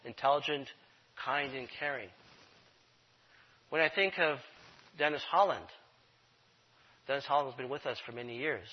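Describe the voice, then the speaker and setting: A dull lo-fi recording from a congregation room captures a man with a fairly high, slightly rough voice. He leads his congregation in an earnest sermon, repeating key phrases for emphasis.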